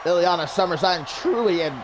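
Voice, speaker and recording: A man calling a wrestling match as play-by-play commentator, loud and animated, shouting over the action. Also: high voice, fairly quick, noisy background.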